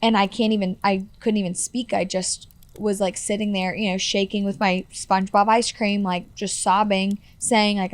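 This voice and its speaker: A young woman in her twenties recounts her own past in an earnest, rambling way, leaning on "like" and "you know". Her voice sits at an ordinary middle pitch and sounds dry and close, with no room around it. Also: level tone, normal speed, hardly any pauses, no echo. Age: 20s. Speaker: guest. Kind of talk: personal storytelling in a podcast interview.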